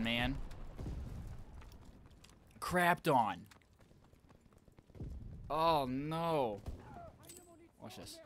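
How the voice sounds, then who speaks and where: A young man giving excitable live commentary on an online shooter match, talking to his viewers and trash-talking as he plays. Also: medium pitch, very slow, long pauses, slight background noise. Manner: excitable, talks to viewers, trash-talks while playing. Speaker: gaming channel host.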